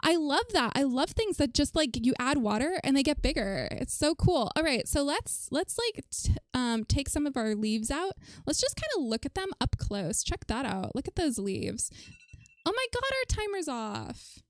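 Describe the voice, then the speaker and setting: A woman chatting casually on a livestream, animated and talkative, reading chat aloud with frequent fillers. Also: high-pitched, moderate pace, hardly any pauses, no room sound, clean studio sound. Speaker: streamer.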